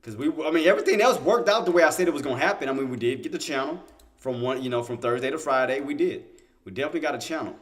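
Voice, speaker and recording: A man with a mid-range voice races through live market commentary while hosting a day-trading livestream, narrating the chart as it moves. He talks to himself, repeats phrases, and keeps restarting sentences, breaking into excited, insistent bursts.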